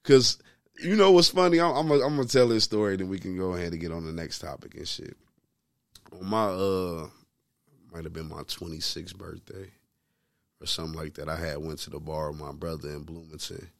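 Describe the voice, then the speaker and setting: A man's voice: low voice, brisk, gravelly, dry recording, studio quality. A man in his thirties co-hosting a podcast, telling a story in casual chat, full of slang and repeating "you know what I'm saying". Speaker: podcast co-host.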